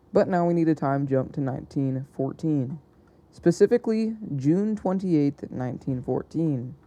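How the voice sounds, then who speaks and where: Young male narrator, soft dark tone, chatty and unpolished, stumbling and fixing his words as he goes. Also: fairly high pitch. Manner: hesitant, self-correcting, chatty. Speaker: narrator of an alternate-history map video. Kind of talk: casual unscripted narration.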